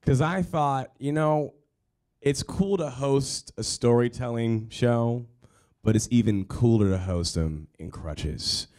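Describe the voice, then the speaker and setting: A man's voice: mid-range voice, slow pace, a little mellow. Rambling, joking male show host. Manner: rambling, self-deprecating, joking with the audience. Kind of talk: casual stage banter. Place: stage at a live storytelling show.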